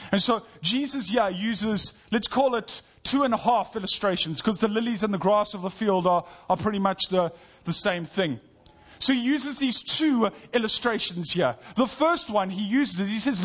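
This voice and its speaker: A man preaching a sermon to his church, earnest, dropping to a soft hush in tender passages. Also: high voice, animated, normal speed, slightly rough, muffled recording. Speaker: pastor.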